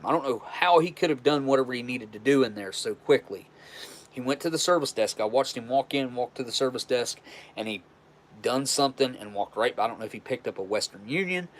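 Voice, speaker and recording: A man hosting a casual live stream, recounting a story with blunt, profane frankness. His pitch sits mid-range, and he rambles, restarting sentences as he goes. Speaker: livestream host.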